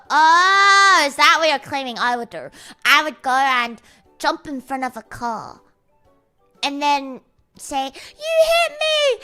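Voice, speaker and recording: A woman's voice: high-pitched, sharp tone. A young woman streamer in casual chat, playful and giggly, rambling through absurd jokes. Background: faint music.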